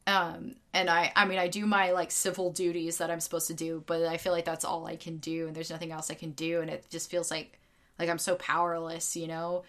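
A woman co-hosting a podcast vents angrily and swears often, her casual rant full of fillers and the word "like." Her fairly bright voice sits on the low side and comes out completely flat and fairly quick.

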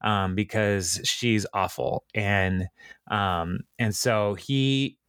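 A man's voice: fairly low pitch, a bit bright, clean tone, no room sound. Chatty man, dry close sound. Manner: rambling retelling with many ums and quick laughs. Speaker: podcast host recapping a TV episode. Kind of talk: casual chat.

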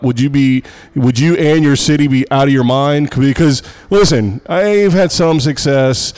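A man's voice: medium pitch, unhurried, darkish tone, smooth. A man hosting a podcast, a college tennis coach from the Pittsburgh area, asking rambling questions with jokes. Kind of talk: casual podcast chat.

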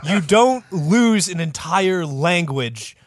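A man hosting a casual podcast, telling a historical story with animated delivery and plenty of cursing. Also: sits high, slow pace, no room sound. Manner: animated, lively delivery with sudden voice put-ons.

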